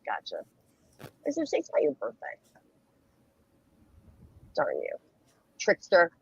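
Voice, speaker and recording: A woman's voice: fairly low pitch, wildly swooping pitch, takes it slowly, vocal fry, husky, lo-fi sound. A woman hosting a casual video-call chat stream, laughing often and joking at her own expense. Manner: laughing often, self-deprecating. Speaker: host.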